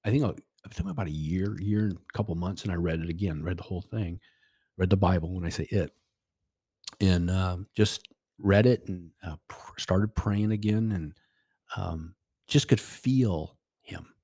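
A man's voice: low-pitched, moderate pace, dark tone, breathy edge, dry recording. A middle-aged man telling a personal story as a podcast guest, rambling with restarts and quoted dialogue. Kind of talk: casual storytelling.

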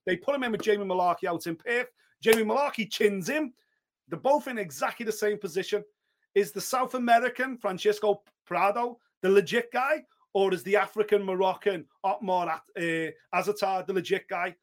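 A man co-hosting a podcast, talking in an animated, sweary, casual way. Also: high voice, brisk. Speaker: podcast co-host. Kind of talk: casual chat.

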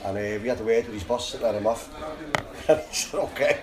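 A man's voice: fairly low pitch, flat delivery, quick pace, rough recording. A man with a Liverpool accent telling a long rambling story, laughing and restarting as he goes. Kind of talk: casual anecdote. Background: crowd chatter.

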